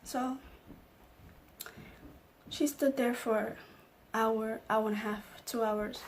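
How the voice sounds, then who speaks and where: A woman's voice: on the high side, steady tone, takes it slowly, slight background noise. A young woman vlogger telling an emotional personal story, acting out the lines of the people in it. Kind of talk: storytime vlog.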